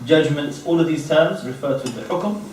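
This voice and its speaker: A man's voice: on the high side, brisk, darkish tone, a little hiss or hum. A man giving a religious lecture. He keeps checking in with "okay?", asks rhetorical questions, and restates his key terms. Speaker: Islamic lecturer. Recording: echoey room, voice from far off.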